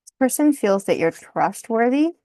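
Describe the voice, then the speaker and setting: A woman's voice: on the high side, animated, moderate pace, warm tone, dry recording. A woman doing a casual tarot card reading, thinking aloud, often breaking into laughter and apologizing. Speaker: tarot reader.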